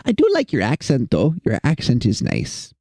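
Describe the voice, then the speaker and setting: A man's voice: mid-range voice, huge pitch swings, moderate pace, creaky, warm tone, no echo. A young man streaming while he draws, chatting with viewers in a rambling, self-mocking, jokey way. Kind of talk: casual livestream chat while drawing.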